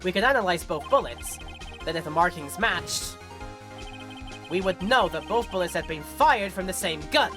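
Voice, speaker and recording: Woman doing a young defense lawyer, confident, pressing, lively pitch. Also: normal speed, music in the background, lightly acted.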